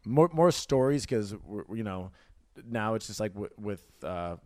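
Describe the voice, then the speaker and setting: A man's voice: fairly low pitch, lively intonation, a little slow, warm tone, no echo, studio quality. A man in his thirties co-hosting a podcast, rambling and trailing off mid-sentence. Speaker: podcast co-host. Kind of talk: casual chat.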